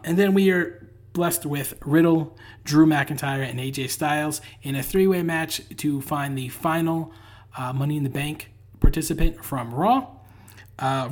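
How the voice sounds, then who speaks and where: Dry sarcastic male podcast host. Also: fairly high pitch. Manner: dry and sarcastic, frequent "uh" fillers and sighs. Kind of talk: casual solo recap monologue.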